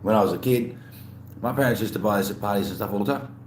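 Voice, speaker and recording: Fast-talking and low-voiced, this Australian livestream host eats as he chats loosely with viewers, greeting them and answering their messages aloud in a laid-back, rambling way. Expect a roomy echo and faint background hum.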